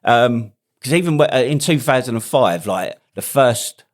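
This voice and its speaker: A man's voice: medium pitch, expressive, moderate pace. A man, a podcast host and army veteran telling stories in casual, laughing banter. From United Kingdom. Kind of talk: casual chat.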